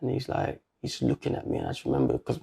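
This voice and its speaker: Gravelly British man telling a story. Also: mid-range voice, fast talker. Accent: British English. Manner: animated, slangy street talk with quoted dialogue. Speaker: guest. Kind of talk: casual storytelling in an interview.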